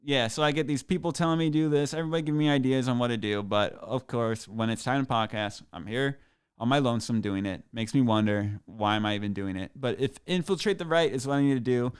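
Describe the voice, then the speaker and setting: A man's voice: medium pitch, quick pace, smooth. A man hosting a comedic podcast solo, rambling in a boastful, sarcastic, mock-grandiose way. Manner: self-aggrandizing, sarcastic, rambling. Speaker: podcast host.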